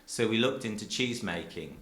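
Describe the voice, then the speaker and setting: A dairy farmer and cheesemaker giving an earnest, rambling public talk full of restarts, speaking from a theatre stage. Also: male voice, fairly low pitch, expressive, moderate pace, fairly bright tone, echoey room.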